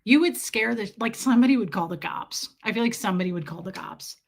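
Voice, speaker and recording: A woman's voice: mid-range voice, fast. A woman chatting casually with viewers on a live stream, laughing often and greeting people by name.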